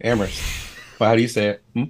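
A man's voice: fairly low pitch, level tone, quick pace. A young man, co-hosting a casual podcast in a laid-back, easygoing, rambling way.

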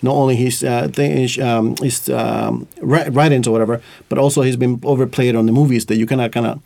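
A man's voice: medium pitch, steady tone, a little fast, creaky, a little mellow. Hesitant man co-hosting a podcast. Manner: hesitant, laughs often. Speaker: podcast co-host. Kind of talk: casual chat. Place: recording studio.

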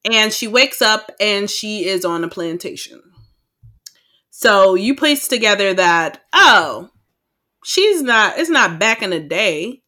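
Animated, swearing woman recapping a movie. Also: mid-range voice, takes it slowly. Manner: animated, profane, quotes her own reactions. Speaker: podcast co-host. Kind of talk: casual movie recap chat.

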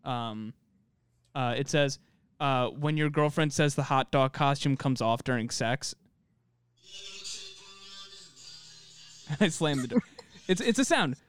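A man's voice: fairly high pitch, lively intonation, takes it slowly, long pauses, clean tone, soft background music. A man in his twenties co-hosting a podcast in casual chat, laughing often and swearing casually. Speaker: podcast co-host.

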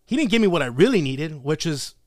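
A man's voice: on the high side, quick pace, dry recording, clean studio sound. A man telling a story in casual chat, swearing constantly and using slang. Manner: profane, slangy, animated retelling. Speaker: podcast co-host.

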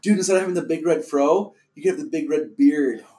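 A man's voice: a little high, quick pace, warm tone. Chatty, playful male host. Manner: playful, chatty, laughs easily. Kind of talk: casual interview chat.

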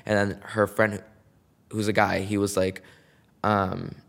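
A man's voice: lowish voice, flat delivery, slow, vocal fry, a bit bright. A man hosting his own podcast, telling a story in a chatty, dramatic way with lots of slang and "like". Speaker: podcast host. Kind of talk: casual solo storytelling.

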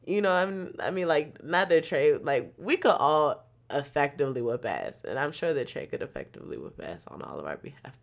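A young woman telling a story in a casual monologue. She swears a lot and swings between loud outbursts and quiet muttering. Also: low-pitched.

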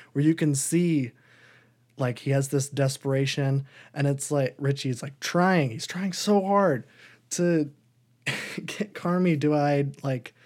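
A man's voice: a little high, darkish tone. A man co-hosting a podcast, chatting casually and enthusiastically in long, rambling run-on sentences. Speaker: podcast co-host. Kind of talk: casual chat reviewing TV shows.

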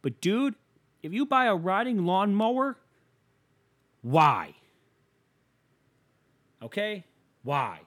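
A man hosting a show, delivering a casual comedic rant that is profane and exasperated, with loud emphatic outbursts. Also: high-pitched, sing-song, takes it slowly, long pauses.

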